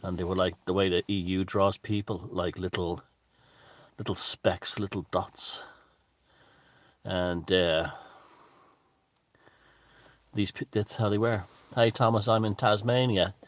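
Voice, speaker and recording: A man hosting a casual livestream, chatting loosely and digressively while answering viewer comments, with frequent pauses and fillers. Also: deep voice, level tone. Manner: rambling and digressive, many fillers. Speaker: livestream host.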